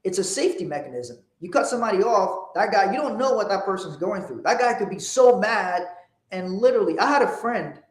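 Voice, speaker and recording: Middle-aged guy hosting a motivational talk, kinda high voice, rambly, echoey room. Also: a little fast. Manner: rambling, restarts often, animated when telling stories. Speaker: podcast host.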